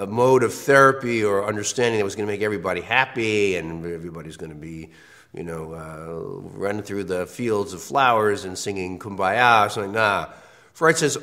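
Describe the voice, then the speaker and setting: A man's voice: lowish voice, fairly bright tone. A male university lecturer with congestion from a cold, talking conversationally through a recorded course lecture and repeating key phrases for emphasis.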